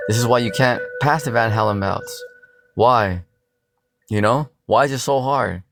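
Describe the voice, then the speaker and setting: A man's voice: mid-range voice, measured pace. A man giving an informal scripture commentary, rambling and blunt, full of "you know" fillers and slang. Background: music playing underneath.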